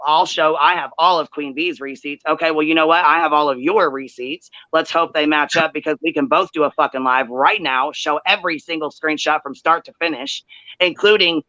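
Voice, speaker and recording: A woman hosting a livestream, telling a heated story in profane, animated detail and acting out quoted chats. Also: low-pitched, fairly quick, no room sound. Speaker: livestream host. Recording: dull lo-fi livestream audio.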